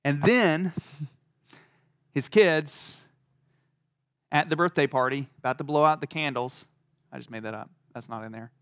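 High-voiced man giving a casual Bible lesson. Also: unhurried, pauses often, fairly bright tone, clean tone, no room sound, studio quality. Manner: conversational, laughing, many "like" fillers. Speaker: Bible teacher.

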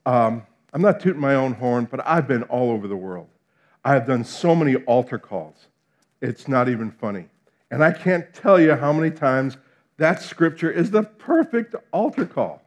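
A middle-aged man from New Jersey with a New Jersey accent, preaching a sermon in an animated way, acting out quotes and swinging between loud and hushed. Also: mid-range voice, normal speed, highs cut off.

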